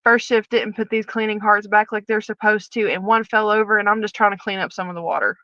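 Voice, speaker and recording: A woman at a middle pitch tells her story candidly, acting out each exchange as she goes. The sound is dry and close, slightly dull and muffled. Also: fast talker, no echo. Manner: animated retelling, acting out dialogue. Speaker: guest, former prison officer.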